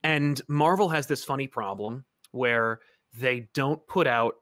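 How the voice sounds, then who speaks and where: A man hosting a casual interview, an animated storyteller who often restarts his sentences. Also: medium pitch, a little slow, no room sound, studio quality. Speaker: podcast host.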